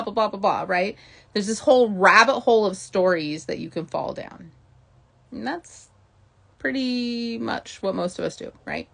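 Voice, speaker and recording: Woman mindset coach, chatty, keeps going "right?", mid-pitch voice. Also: vocal fry, fairly bright tone. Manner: chatty, says "right?" often, acts out inner voices. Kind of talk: motivational talk to camera.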